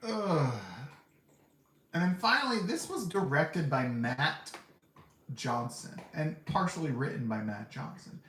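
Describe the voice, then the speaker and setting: His voice sits on the high side and is fairly bright, animated yet slow-paced, as this podcast host rambles through casual, candid film reviews and laughs often. He's sitting indoors, and the recording picks up a roomy echo and a faint hum.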